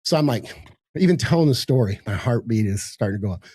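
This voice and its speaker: A man's voice: medium pitch, expressive, fast, darkish tone, husky, no echo. An older man talks through a video call from his office, telling a story in easy, profane podcast chat. He acts out the other people's lines and laughs through the tense parts. His voice sits mid-range and sounds dry and close. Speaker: podcast guest. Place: home office in a high-rise.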